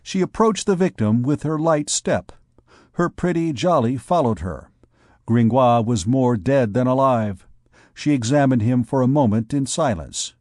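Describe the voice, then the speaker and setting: Slow, measured male audiobook narrator. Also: mid-range voice, darkish tone, dry recording, clean studio sound. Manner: measured, deliberate reading. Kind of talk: scripted narration.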